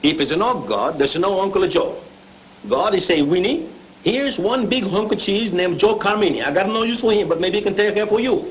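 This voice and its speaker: An actor playing a hot-tempered but big-hearted Italian immigrant grocer, speaking broken English with an Italian accent and Italian phrases. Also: male voice, high-pitched, expressive, moderate pace. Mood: jovial. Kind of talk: 1930s film acting. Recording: dull scratchy 1930s film soundtrack.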